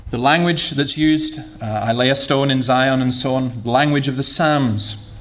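A man preaching a sermon in a conversational, humorous way, often repeating words as he goes. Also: mid-range voice.

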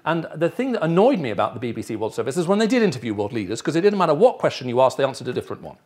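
A middle-aged man raised in the Middle East, with an English accent, races through a teaching sermon before a live audience, often checking in with his listeners. His medium-pitched voice has a darkish tone and swings widely in pitch.

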